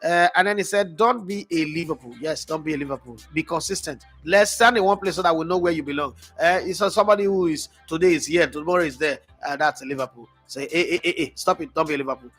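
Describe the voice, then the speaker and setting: A middle-aged Nigerian man hosting a football stream, chatting casually and reading out viewer comments in an animated way. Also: a little high, quick pace, few pauses, soft background music. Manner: animated, chatty, jumps between loud and soft. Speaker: football show host.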